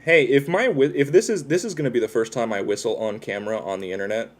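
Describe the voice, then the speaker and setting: A man's voice: medium pitch, fast talker. A man chatting casually with his viewers on a livestream, rambling and self-deprecating as he talks while tattooing himself.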